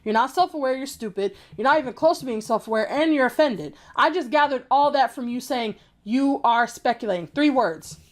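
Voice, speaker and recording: Woman, high-pitched voice, heated profane rant, scornful and blunt, casual vlog talk. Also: lively intonation, fairly quick, few pauses. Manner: mocking, repeats phrases with scorn. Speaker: vlogger. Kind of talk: casual opinion rant to camera.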